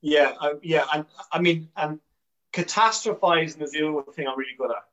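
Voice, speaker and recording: An Irish man, a comedian guest on a podcast, telling candid stories with animated energy and frequent swearing. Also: a little high, fairly quick, highs cut off. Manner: animated storyteller, swears freely, restarts often.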